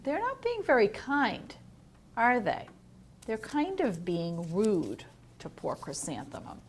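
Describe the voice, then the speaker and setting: Gentle, slow-reading woman teacher. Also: on the high side, big pitch swings, slight background noise. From United States. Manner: gentle and explanatory, asks questions. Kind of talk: reading a picture book aloud to young children.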